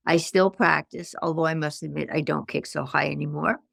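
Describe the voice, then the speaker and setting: An older woman, a guest on a podcast interview, telling her life story in lively anecdotes and acting out the lines of the people in them. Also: deep voice, a little fast, creaky, dry recording, clean studio sound. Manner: animated anecdotes with acted-out quotes. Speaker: guest, stress management consultant.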